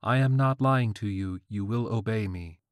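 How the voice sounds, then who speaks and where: A flat, commanding robotic phone assistant , put on by a male narrator that insists it is God. The voice sits higher and louder than his usual low tone, with no room sound around it. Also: moderate pace, no room sound, clean studio sound, close to an everyday voice.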